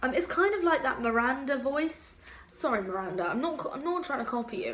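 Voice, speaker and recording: A woman's voice: sits high, expressive, fairly quick, fairly bright tone. Chatty young woman vlogger. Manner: chatty, giggly, lots of fillers. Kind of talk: casual chat to camera.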